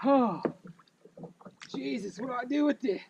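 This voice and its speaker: A man, a fishing vlogger talking to camera with loud excited exclamations and free swearing, out on a lake. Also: very high voice, measured pace, vocal fry, muffled recording. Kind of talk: excited casual narration to camera. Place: on a boat on a lake outdoors. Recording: noisy outdoor lake audio.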